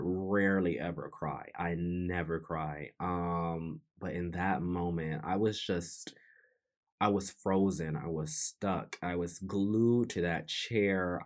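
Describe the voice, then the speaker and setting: A man hosting a podcast, telling a personal story in an earnest, reflective way, often restarting and repeating his phrases. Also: sits low. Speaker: podcast host.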